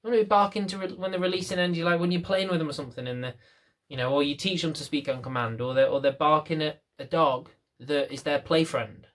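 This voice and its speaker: A man's voice: a little high, fairly even intonation, quick pace, a bit bright. A young British man, a dog trainer, venting to camera with lots of rhetorical questions. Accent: British English. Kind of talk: ranting to camera.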